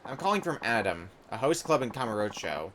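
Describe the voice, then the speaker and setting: A man's voice: medium pitch, very animated, fairly quick, fairly bright tone, a little hiss or hum. A man reading the lines of a polite, apologetic host club worker in a game, formal and explaining.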